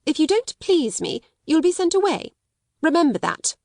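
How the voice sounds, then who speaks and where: A woman's voice: high voice, big pitch swings, moderate pace, vocal fry, dry recording, studio quality, voice pushed up, heavily acted. Woman reading as a harsh scolding schoolmistress. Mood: domineering. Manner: sharp, cold, scolding. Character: harsh domineering middle-aged schoolmistress.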